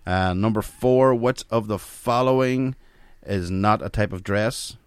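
A man with a lowish voice, reading quiz questions aloud and trading laughs and swears with his co-host. The sound is dry and close, with no room around it. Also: measured pace, smooth, no echo. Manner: swearing, laughing, joking banter.

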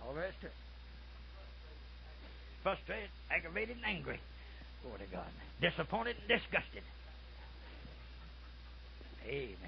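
Husky older preacher, folksy and rising. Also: male voice, high voice, sing-song, moderate pace, long pauses. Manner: folksy storytelling, swings from soft murmurs to loud shouts. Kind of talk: sermon. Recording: muffled lo-fi recording.

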